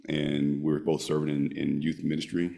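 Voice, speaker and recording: A man being interviewed as an author, speaking in a measured, hesitant way with many fillers. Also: a bass voice, monotone, creaky, dark tone. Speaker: author, real estate investor, guest. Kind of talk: casual interview chat.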